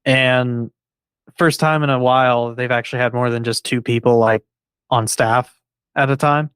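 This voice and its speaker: A man co-hosting a casual podcast, telling stories in a relaxed, easygoing way. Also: medium pitch, normal speed, clear, resonant tone, no room sound. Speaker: podcast co-host.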